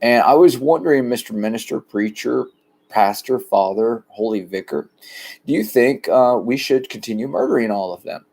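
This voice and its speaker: A man from the rural United States, talking in a rambling, plain, deliberately low-key monologue outdoors by a shed. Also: lively intonation, gravelly, darkish tone. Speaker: vlogger.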